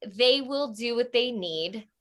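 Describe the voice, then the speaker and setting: A young woman telling a comic story in casual talk, animated and acting out quoted voices. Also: slow. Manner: animated, acts out quoted voices with sudden high squeals. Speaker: storytelling guest.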